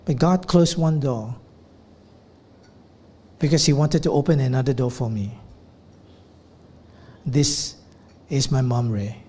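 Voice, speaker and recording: A man's voice: medium pitch, takes it slowly, long pauses, warm tone, husky. A man preaching a sermon, telling stories and acting out quotes along the way. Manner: storytelling sermon with acted quotes. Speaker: pastor.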